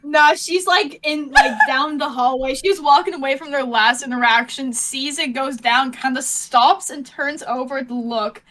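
A woman's voice: high voice, a little slow, few pauses, fairly bright tone, a little hiss or hum. A woman playing a tabletop game, narrating her character's actions casually. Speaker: player.

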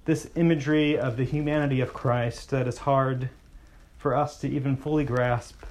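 A pastor preaching a sermon, slowing down and dropping his voice to stress key lines. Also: mid-range voice. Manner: expressive preaching, slows and softens for emphasis.

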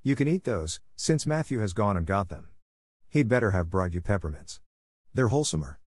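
A stern older spinster woman, brisk and tart as she scolds, as a male storybook reader puts her on. Her voice sits lowish and is recorded close and dry. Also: very animated, no echo. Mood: scolding.

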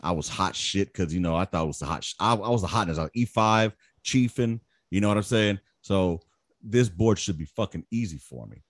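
A man in his thirties, an army veteran, telling war stories in casual chat, profane, animated and boastful. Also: low-pitched, brisk, no room sound, studio quality.

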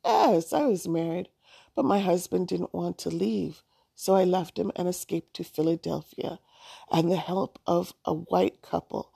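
Firm grown woman guide, low gravelly voice, voiced by a female reader. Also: unhurried, warm tone, no echo, studio quality, heavily acted. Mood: calm.

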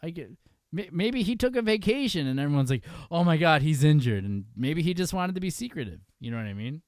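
A man's voice: fairly high pitch, very animated, quick pace, a little mellow, no echo, studio quality. A man hosting a casual podcast chat, loose and profane, laughing often and restarting his sentences. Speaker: podcast host.

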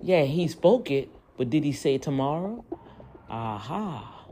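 Animated preachy woman podcaster. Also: takes it slowly, slight background noise. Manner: animated, swoops high when preaching, drops low and quiet for asides. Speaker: podcast host. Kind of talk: preachy casual podcast talk.

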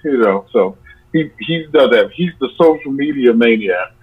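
A man's voice: medium pitch, lively intonation, moderate pace, slightly rough. A man guest on an interview, talking in a playful, rambling way and fond of joking nicknames. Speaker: musician guest. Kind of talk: casual interview chat. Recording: dull lo-fi sound.

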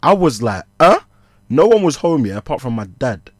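A young man, co-hosting a comedy podcast and telling a story in animated slang, laughing as he goes. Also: mid-range voice, fairly quick, no room sound, clean studio sound. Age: young adult. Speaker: podcast co-host.

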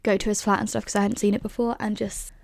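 A woman's voice: mid-range voice, flat delivery, fast, creaky, a little mellow, no echo, clean studio sound. A woman in her twenties from the UK, telling a story in a chatty, casual way with lots of fillers and laughs. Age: 20s. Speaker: vlogger.

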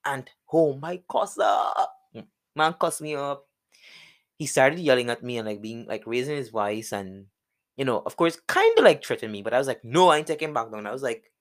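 A young man with a Guyanese accent chats casually on his podcast, telling a personal story. His voice rises and falls a lot, and he laughs often as he talks. He sits at a middle pitch for a man. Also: moderate pace. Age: young adult. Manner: animated, laughs often, jumps into high voices when quoting people. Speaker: podcast host.

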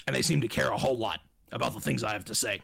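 A man doing an impression of a paranoid middle-aged conspiracy radio host, preaching in a grave, drawn-out folksy way. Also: mid-range voice, gravelly, a bit bright, husky, full character voice. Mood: paranoid ranting.

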